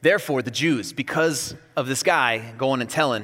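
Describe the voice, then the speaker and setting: A man preaching a sermon in a lively, conversational storytelling way, acting out quotes as he goes. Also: mid-range voice, moderate pace, big-room sound. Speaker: pastor.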